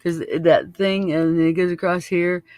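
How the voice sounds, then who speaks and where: Guy podcast host, kinda high voice, chill and cussing a lot, laughing, dry close mic. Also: fairly even intonation, unhurried, a little mellow, no echo. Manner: laid-back, swears freely, laughs often. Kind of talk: casual chat.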